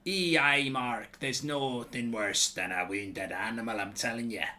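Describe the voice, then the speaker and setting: A man voicing a fretful Scottish male football fan in a put-on Scottish accent, with a slow, exaggerated, mocking drawl. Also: mid-range voice, sharp tone. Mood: mock-scared.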